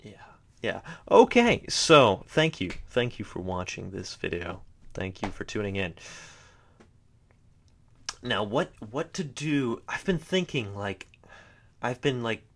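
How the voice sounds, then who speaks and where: Rambling young man, low voice. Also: a bit bright. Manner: chatty, self-mocking, trails off into mutters. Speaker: vlogger. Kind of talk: unscripted rambling vlog.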